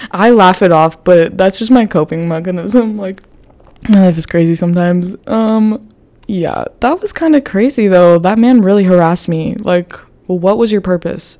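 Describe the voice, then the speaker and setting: Profane, animated young woman vlogger. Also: mid-range voice. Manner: animated, profane, laughs often. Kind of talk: casual storytelling.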